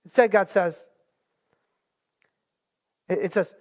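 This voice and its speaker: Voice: medium pitch, measured pace, pauses often. A Bible study teacher leading a small group lesson, retelling scripture in a conversational way, often restarting words.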